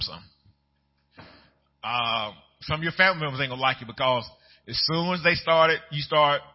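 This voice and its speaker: Husky-voiced man preaching a lively sermon. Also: a little high, lo-fi sound. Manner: conversational preaching, rising to loud excited peaks. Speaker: pastor.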